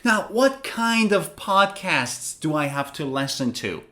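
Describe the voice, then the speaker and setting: Lively male pronunciation teacher. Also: fairly high pitch, slow. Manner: explains with rhetorical questions and answers them. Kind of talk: scripted lesson to camera.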